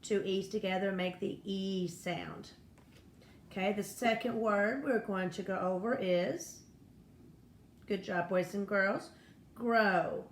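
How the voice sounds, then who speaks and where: Slowly and in a mid-range voice, a woman teaches first graders spelling and phonics, patient and encouraging with the young children. The room is echoey, with faint background noise.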